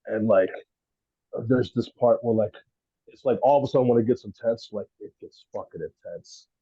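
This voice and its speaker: Laid-back husky man, rambling. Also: fairly low pitch, normal speed, mellow, dry recording, muffled recording. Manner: rambling, laughing storyteller, heavy swearing. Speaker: podcast guest, rapper. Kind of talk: casual chat.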